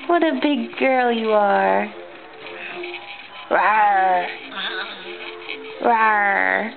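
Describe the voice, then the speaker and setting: A woman's voice: mid-range voice, extremely slow, creaky, pauses often, phone-quality sound, music in the background. A mother talking baby talk to her infant at home in a playful, coaxing, sing-song way. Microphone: home video camera.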